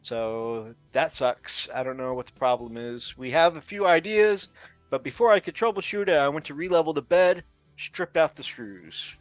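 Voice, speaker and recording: A man's voice: on the high side, normal speed, dry recording, faint music behind. A man hosting a casual hobby podcast, easygoing and self-deprecating, swearing casually. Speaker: podcast host.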